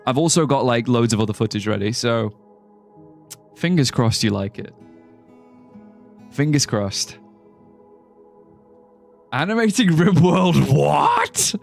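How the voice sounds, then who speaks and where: A mid-range male voice with vocal fry drifts along unhurriedly, broken by long pauses. He's streaming gameplay with faint music behind him, chatting loosely with viewers, cracking jokes and laughing a lot.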